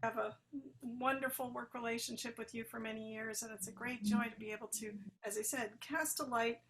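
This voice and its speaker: Woman host, bit high voice, faint noise behind, gracious, lots of ums. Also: fairly even intonation, a little fast, fairly bright tone. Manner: gracious, hesitant with fillers. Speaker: host, interviewer. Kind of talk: webcast interview. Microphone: video call.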